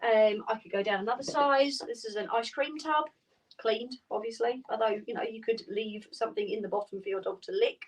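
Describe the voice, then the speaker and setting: A woman, a dog trainer explaining steps clearly and practically in an instructional video. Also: a little fast, far from the mic, poor audio. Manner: clear, practical explaining, breaks into high praise for the dogs.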